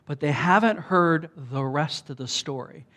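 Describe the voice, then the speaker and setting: A man preaches with animated emphasis, his voice sitting on the high side for a man. He shifts between punchy lines and chatty asides to the room. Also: a little slow. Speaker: pastor. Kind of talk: sermon.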